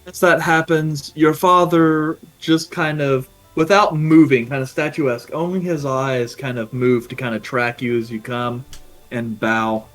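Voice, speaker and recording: A man narrating a tabletop game as game master, in an unhurried way full of small fillers. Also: medium pitch, steady tone, a bit bright, soft background music, low-quality recording.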